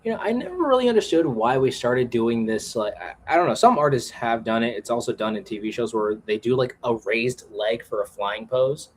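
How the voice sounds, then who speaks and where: A man co-hosting a casual livestream while drawing, animated and playful in how he talks. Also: mid-range voice, brisk, hardly any pauses. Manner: animated, jumps into playful put-on voices. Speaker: comic artist co-host.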